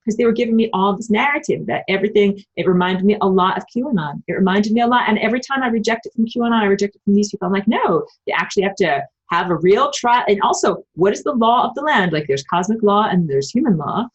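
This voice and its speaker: A woman's voice: medium pitch, lively intonation, fast, few pauses, husky, lo-fi sound. A woman giving an emphatic, profane, rambling spiritual livestream monologue and answering viewer comments. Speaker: spiritual vlogger.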